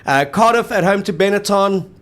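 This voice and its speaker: A man's voice: high voice, expressive, normal speed, fairly bright tone. A man co-hosting a rugby show, chatting casually and wryly and tagging his sentences with "eh". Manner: chatty, tags sentences with "eh", wry. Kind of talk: casual sports chat.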